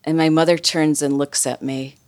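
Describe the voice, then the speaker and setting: A woman's voice: low voice, fairly even intonation, normal speed, darkish tone. A woman telling a funny personal story in a chatty way, full of "like" fillers. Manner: chatty, comic, many "like" fillers.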